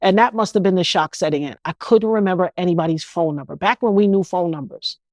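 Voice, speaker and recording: A middle-aged woman from New York, an interview guest telling her own story in an animated, indignant way and slipping into other people's voices. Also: on the low side, quick pace, no echo. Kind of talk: emotional first-person storytelling.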